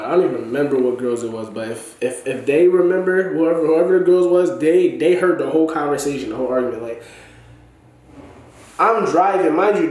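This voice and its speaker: A man telling a personal story in casual, slangy, animated speech, often checking in with the listener. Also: medium pitch. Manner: animated, slangy, repeats "you know what I'm saying". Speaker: storyteller recounting a falling-out. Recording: very echoey room.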